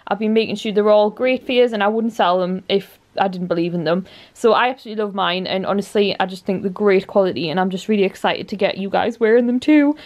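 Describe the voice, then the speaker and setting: A young woman chatting casually to camera at home in a bubbly way, with lots of fillers. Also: mid-range voice. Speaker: vlogger. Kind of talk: casual vlog chat. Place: at home indoors.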